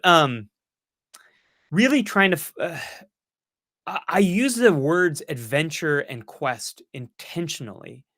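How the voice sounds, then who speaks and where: A man's voice: on the high side, fairly bright tone, dry recording, clean studio sound. A man hosting a live-stream Q&A, answering viewer questions in an earnest, encouraging way with self-mocking asides.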